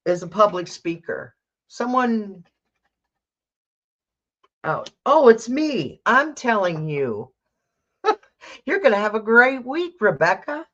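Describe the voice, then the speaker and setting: A woman's voice: medium pitch, very animated, slow, long pauses, fairly bright tone, highs cut off. A woman doing a live tarot reading, chatting casually and thinking aloud as she corrects herself. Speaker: tarot reader.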